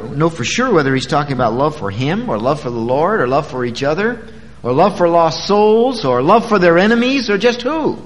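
A pastor preaching to his congregation in a high, lively voice that swoops up and down. He talks to them conversationally, drawing out important words for emphasis. A long reverb from the church sanctuary hangs behind him. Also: a little hiss or hum. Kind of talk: sermon.

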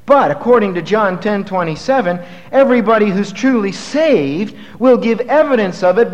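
A man's voice: high voice, expressive, soft background music. Emphatic preacher man in a reverberant hall. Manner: emphatic, rising to forceful peaks, slowing on key words. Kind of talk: sermon. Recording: dull lo-fi sound with long hall reverb.

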